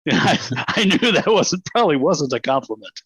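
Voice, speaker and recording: A man in his seventies with a Texan accent, telling animated stories as an interview guest and acting out quotes. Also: on the high side, brisk, slightly rough, dry recording. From Texas, USA. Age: 70s. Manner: animated, acts out quotes, laughs often. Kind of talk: reflective storytelling. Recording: dull, dry audio.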